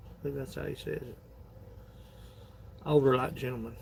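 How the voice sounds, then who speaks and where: A man's voice: mid-range voice, fairly even intonation, normal speed, creaky, slight background noise. A man, chatting casually on a phone livestream in a rambling, folksy way, laughing often. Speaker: livestream host.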